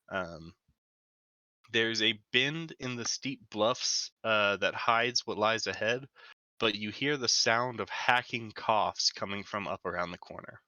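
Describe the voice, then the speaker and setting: A man narrating a tabletop game as game master, halting and full of fillers. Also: fairly low pitch, pushed and bright, no echo, lo-fi sound.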